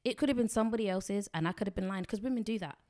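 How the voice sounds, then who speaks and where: A woman's voice: medium pitch, racing, a little mellow. A woman, chatting frankly and bluntly as a podcast guest. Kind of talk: casual chat.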